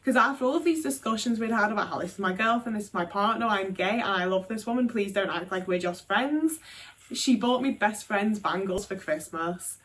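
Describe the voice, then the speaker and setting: A woman's voice: medium pitch, lively intonation, a little fast, a bit bright. A woman in her twenties telling a personal story to camera in a candid, sweary, rambling way full of fillers. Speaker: vlogger.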